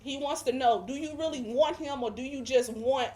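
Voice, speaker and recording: A woman's voice: high voice, normal speed, dark tone. Emphatic woman giving a faith testimony. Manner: emphatic, preacher-like repetition. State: emotional, near tears at times. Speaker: guest. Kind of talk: religious testimony.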